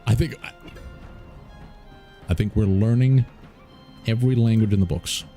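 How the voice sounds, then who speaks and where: A man's voice: on the low side, steady tone, normal speed, dark tone, soft background music. A man streaming a strategy game, joking playfully and laughing often as he comments on his moves. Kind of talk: casual let's-play commentary.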